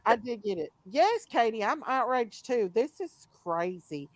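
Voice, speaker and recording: A woman's voice: on the high side, sing-song, unhurried, dry recording. Indignant woman hosting a live panel. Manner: heated, indignant, greets viewers by name. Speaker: livestream panel host. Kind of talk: casual live chat.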